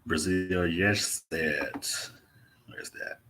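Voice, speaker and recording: Deep-voiced laid-back Southern man. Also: wildly swooping pitch, extremely slow, pushed and bright, a little hiss or hum. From Mississippi. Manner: laid-back, drawling, says "man" often. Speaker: travel vlogger hosting a live Q&A. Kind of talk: casual livestream chat reading viewer comments. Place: indoors in a rented apartment.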